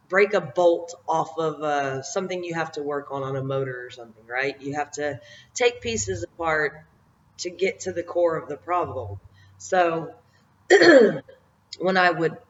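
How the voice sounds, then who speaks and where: A woman's voice: low-pitched, a bit bright, slight background noise. A middle-aged woman giving a motivational talk to camera, reflective and meandering, often laughing at herself. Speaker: vlogger giving life encouragement. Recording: dull lo-fi audio.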